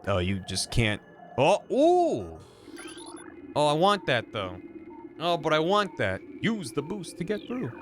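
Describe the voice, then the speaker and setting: The man's voice is a little high and fairly bright. Streaming a video game with its music in the background, he talks casually to viewers, acting goofy, swearing, and groaning.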